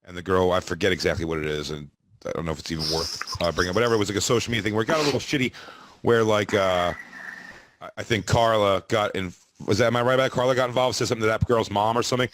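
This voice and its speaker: A man's voice: fairly low pitch, steady tone, very fast, fairly bright tone, no echo. A man in his thirties co-hosting a podcast, telling stories in a rambling, profane way with many restarts. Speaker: podcast co-host. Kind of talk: casual chat.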